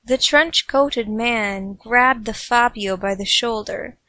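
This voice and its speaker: A woman's voice: fairly high pitch, slow, bright, forceful tone, no echo. A woman narrating a comic fan fiction story with playful, snarky asides.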